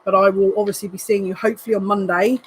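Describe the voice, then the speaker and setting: A woman, a psychic reader, giving a live card reading to viewers in an excitable, emotional way, full of quick asides. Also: mid-range voice, slight background noise, rough recording.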